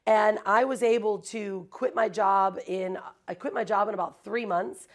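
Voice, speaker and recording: A woman in her forties, an interview guest, telling her story in a lively conversational way and acting out the people she quotes. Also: mid-range voice, normal speed, reverberant, poor audio. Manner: animated storyteller who acts out quoted people. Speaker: interview guest, branding agency founder.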